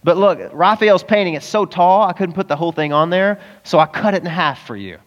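A man preaching a casual, conversational sermon as a pastor, animated and acting out the voices of the people in the story. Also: sits high, a little fast, dull audio. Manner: animated, acts out voices of Bible characters, chuckles often. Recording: long reverb of a church hall.

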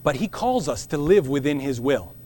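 A man preaching a sermon to a congregation, earnest and measured, with dramatic pauses that slow down key words. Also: medium pitch, big pitch swings, warm tone. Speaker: pastor.

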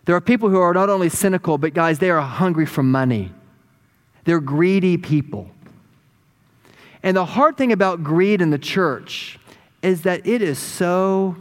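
A man preaching a sermon, retelling a story with lively acted-out voices. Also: a little high, in a large hall. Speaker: pastor.

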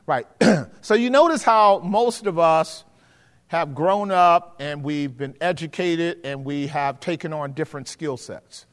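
High-voiced preacher in an echoing hall. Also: male voice, unhurried. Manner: preaching with rhetorical questions to the congregation; often drops to a low, quiet voice, then rises for emphasis. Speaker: pastor. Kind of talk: sermon teaching. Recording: hall with long reverb.

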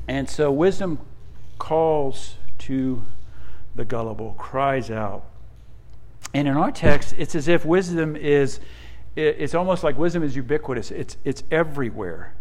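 A middle-aged male pastor preaching a sermon, earnest, dropping to hushed tones and rising to emphatic peaks. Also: on the high side, moderate pace, a little hiss or hum.

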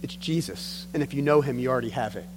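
A pastor with a mid-range voice delivers a sermon at a fast clip, telling stories earnestly and dropping into emphatic moments. The recording has a long hall reverb and a faint hum.

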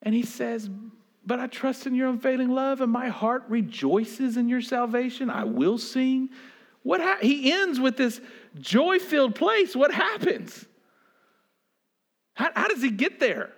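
A male pastor with a very high voice delivers a sermon. He moves from hushed, almost whispered lines to loud, pleading calls. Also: lively intonation, unhurried. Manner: dynamic preaching, swinging from loud pleading to hushed near-whispers.

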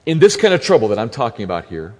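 A man's voice: medium pitch, sing-song, fast. A man preaching a sermon, reading scripture aloud and then explaining it earnestly, repeating key phrases for emphasis. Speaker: pastor. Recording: long hall reverb.

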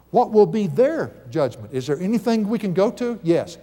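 A man's voice: high-pitched, sing-song, moderate pace, warm tone. A middle-aged man preaching a sermon in a church, emphatic and conversational, with folksy asides and humor. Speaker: pastor. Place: church sanctuary. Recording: long hall reverb.

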